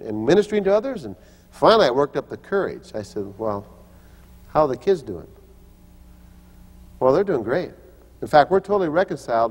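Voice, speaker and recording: An older male pastor delivers a storytelling sermon in a mid-pitched voice. He acts out quoted voices and restarts his phrases as he goes. A long reverb rings around him as if in a large hall. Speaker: pastor and teacher. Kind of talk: sermon with personal stories.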